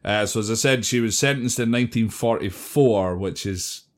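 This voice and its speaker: A man with a lowish voice chats on a podcast. He wanders through his points and hedges with filler words as he goes. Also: moderate pace. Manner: rambling, hedging with "kind of" and "basically". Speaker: podcast co-host. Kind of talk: casual chat.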